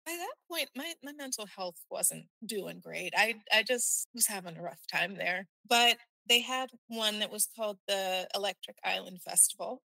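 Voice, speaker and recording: A woman recounting a personal experience in a halting, candid way, often restarting her sentences. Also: mid-range voice, animated, gravelly, bright, forceful tone, no room sound.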